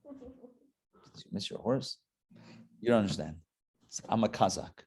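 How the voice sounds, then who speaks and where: A man voicing a homesick Kazakh prisoner in a told story, at first low and hushed, then swelling into an emphatic, rising account. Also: wildly swooping pitch, slow pace, breathy edge, heavily acted. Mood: wistful. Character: grieving male Kazakh prisoner praising horses.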